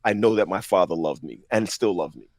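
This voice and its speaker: A man telling a personal story on a podcast panel, often halting and repeating words as he speaks. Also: sits low, expressive, a little mellow, no room sound, clean studio sound. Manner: halting, repeats words while searching for them. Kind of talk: personal testimony in casual chat.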